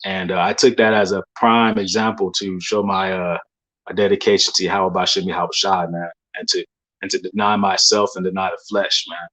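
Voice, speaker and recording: Rambling low-voiced man telling his dreams. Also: little pitch movement, fairly quick, fairly bright tone. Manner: loose, rambling street slang with many fillers. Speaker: believer sharing dreams. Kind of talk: casual testimony monologue.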